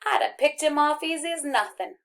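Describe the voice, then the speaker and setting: A woman's voice: high voice, animated, voice pushed up. A woman reading an audiobook, voicing a friendly, boastful country boy from Arkansas with a folksy drawl. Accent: rural Arkansas. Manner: folksy drawl, jabbering fast and eager.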